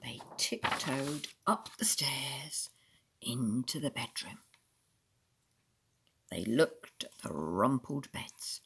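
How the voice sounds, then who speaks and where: A woman reading a children's story aloud in an expressive storytelling manner. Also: rumbling low, very slow, long pauses, a little hiss or hum.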